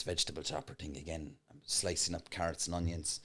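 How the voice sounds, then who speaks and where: An Irish man, a comedian, telling lively, swearing anecdotes as a podcast guest and acting out the voices of the people in his stories. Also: deep voice, brisk. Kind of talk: animated anecdote-telling in casual interview.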